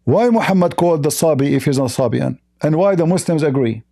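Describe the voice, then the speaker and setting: Combative, mocking male debater, mellow voice. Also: fairly high pitch, expressive, fairly quick. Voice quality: non-native English phrasing. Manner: combative and mocking, with blunt insults; reads out quoted lines in changing voices. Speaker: religious debater. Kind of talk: heated debate.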